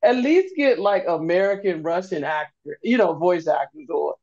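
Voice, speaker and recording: A young woman, a guest on a casual podcast, telling stories in an animated, slangy way. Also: fairly low pitch, moderate pace. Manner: animated storyteller, slangy, laughs often. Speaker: guest, host's niece. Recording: dull lo-fi recording.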